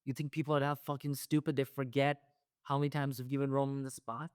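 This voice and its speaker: A man's voice: mid-range voice, level tone, fast, smooth, no echo, clean studio sound. A man hosting a wrestling reaction show, ranting heatedly with lots of profanity and repeated phrases. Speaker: wrestling commentary host.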